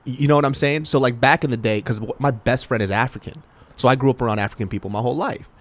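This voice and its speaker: A man's voice: medium pitch, fast. A man from Sacramento, a comedian guest in a casual podcast chat, laughing often and swearing freely. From Sacramento, California. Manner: laughs often, animated and profane.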